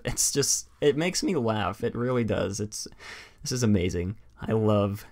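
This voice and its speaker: A man's voice: mid-range voice, unhurried, darkish tone. A young man co-hosting a casual podcast chat, rambling with many fillers and restarts, and he has the hiccups. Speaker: podcast co-host.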